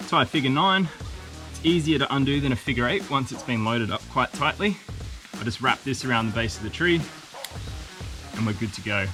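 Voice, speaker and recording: A man with an ordinary mid-pitched voice talks in an upbeat, casual way while he works on the rock outdoors. Soft music runs faintly underneath him. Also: animated, brisk, long pauses, rough recording. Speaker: vlogger climbing and bolting a new route. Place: outdoors at a cliff.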